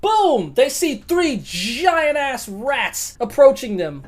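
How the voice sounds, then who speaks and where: A woman's voice: sits high, big pitch swings, slow, hardly any pauses, a little hiss or hum. A woman narrating a tabletop game as game master, casual and profane, often laughing at the dice rolls.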